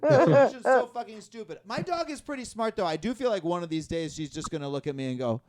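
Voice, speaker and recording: A man's voice: high-pitched, animated, fast talker, a crowd in the background. A man hosting a live stand-up comedy show, rambling and self-deprecating, often laughing at his own jokes. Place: live comedy venue with audience.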